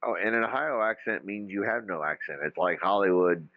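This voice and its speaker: A man's voice: on the low side, fairly quick, no echo, phone-quality sound. A man from Kentucky hosting a casual livestream chat, profane and jokey, often mimicking other people. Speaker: podcast host.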